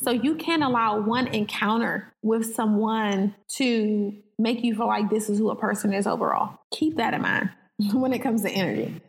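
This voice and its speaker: A woman's voice: medium pitch, moderate pace, big-room sound, low-quality recording. A woman guest on a podcast, telling stories animatedly and acting out the dialogue. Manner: animated storyteller, acts out quoted dialogue. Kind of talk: conversational podcast talk.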